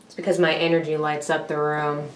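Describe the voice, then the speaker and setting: A woman's voice: low voice, little pitch movement, a little fast, a little hiss or hum, close to an everyday voice. A woman playing a sardonic chaotic evil character who scorns nature. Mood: scornful. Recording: echoey room.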